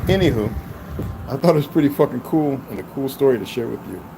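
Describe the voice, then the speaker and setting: A man casually telling his viewers a story, swearing constantly and calling them y'all in an animated, rambling way. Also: medium pitch, fast talker, gravelly, noisy background. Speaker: vlogger.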